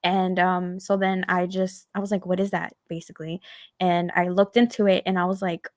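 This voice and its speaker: A woman's voice: fairly low pitch, flat delivery, normal speed, darkish tone, dry recording. A woman co-hosting a casual podcast chat, rambling with lots of fillers and getting emphatic. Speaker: podcast co-host.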